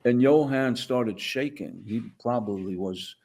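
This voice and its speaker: A man, a guest on a podcast telling a story from his own life. He speaks at a middle pitch for a man. He acts out the lines of everyone in the story as he tells it. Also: unhurried, a little mellow. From the Bronx, New York. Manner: vivid storyteller acting out dialogue. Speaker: guest, former teacher. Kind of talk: conversational storytelling.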